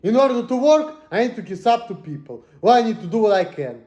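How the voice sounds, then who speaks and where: A man ranting to the camera in a profane, agitated way, swinging between muttering and shouting. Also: high voice, sing-song, brisk, roomy sound, muffled recording. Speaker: vlogger. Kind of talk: angry personal rant.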